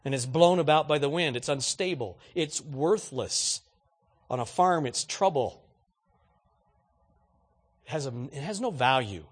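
Animated preacher with a husky voice. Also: male voice, a little high, measured pace, long pauses. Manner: animated preaching, rhetorical questions to the congregation. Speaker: pastor. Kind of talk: sermon.

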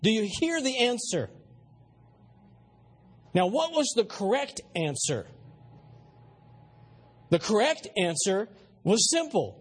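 A male pastor delivers a sermon in a high, husky voice with wide swings in pitch. He is emphatic, often turning to ask his listeners questions and stumbling over repeated words. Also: sing-song, slow pace, long pauses.

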